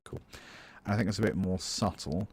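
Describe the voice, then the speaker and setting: Against a noisy background, a British man speaks briskly in a low-pitched, steady voice. He's a UK music teacher working through a live-streamed composition tutorial, chatting casually, thinking aloud, and answering viewers between steps.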